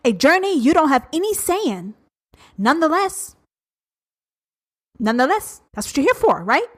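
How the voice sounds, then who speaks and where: A woman's voice: sits high, big pitch swings, normal speed. Blunt, foul-mouthed woman podcast host. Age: 40s. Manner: blunt, profane and confrontational, swinging between loud and hushed. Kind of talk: uncensored solo podcast rant.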